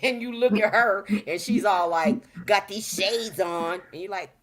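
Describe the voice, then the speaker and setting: A woman in her fifties chatting casually as a talk show guest, animated and preachy, full of slang, acting out little quoted voices. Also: mid-range voice, unhurried. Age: 50s. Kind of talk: casual chat.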